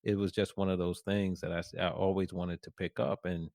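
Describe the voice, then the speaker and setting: Low-voiced man hosting a sports podcast. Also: fairly quick, gravelly, no room sound, studio quality. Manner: relaxed, rambling, many fillers and restarts. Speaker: podcast host. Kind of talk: casual podcast chat.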